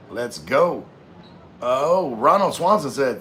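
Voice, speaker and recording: A man's voice: medium pitch, lively intonation, unhurried, pauses often, a bit bright, a little hiss or hum. A man hosts a casual livestream, reading chat aloud and wandering off into loose, slangy tangents. His voice sits mid-range, and he has had a few drinks. The pace is easygoing. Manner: laid-back, slangy, rambling.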